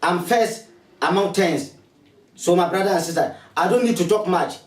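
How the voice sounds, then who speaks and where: A man's voice: high voice, normal speed, roomy sound, distant mic, low-quality recording. A man with a Ghanaian accent, a spiritualist making a repetitive, coaxing promotional appeal to viewers. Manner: preachy, repetitive, urging and coaxing. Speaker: spiritualist advertising his services.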